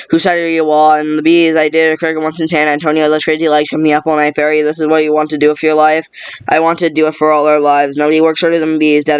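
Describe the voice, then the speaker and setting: A man's voice: fairly high pitch, clean tone, dry recording. A man reading a whole film script aloud at speed, doing every part himself and stumbling over and restarting words as he goes. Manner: rattles through all the parts, stumbling and restarting words. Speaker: script reader. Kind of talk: rushed read-through of a film script.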